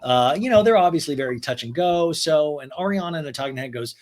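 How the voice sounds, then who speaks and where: A man's voice: a little high, expressive, quick pace, hardly any pauses, a little mellow. A man hosting a podcast, recapping reality TV in a chatty, jokey way. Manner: chatty, jokey, acts out every line. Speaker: podcast host. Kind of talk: reality TV recap, casual chat.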